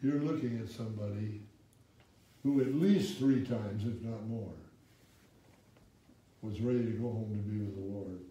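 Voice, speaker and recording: Mellow-voiced preacher in an echoey church. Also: male voice, fairly low pitch, normal speed, pauses often. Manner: animated preaching, prompting the congregation to finish verses; reads scripture in old-fashioned wording, with wry asides. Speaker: pastor. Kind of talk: sermon. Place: church sanctuary with congregation. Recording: echoey room, speaker far from the mic.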